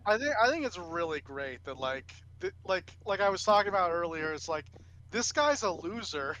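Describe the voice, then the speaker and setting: A man co-hosting a casual podcast, talking in halting sentences full of restarts. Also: high-pitched, sing-song, pushed and bright, poor audio. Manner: halting, many fillers and restarts. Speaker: podcast co-host. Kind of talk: casual chat.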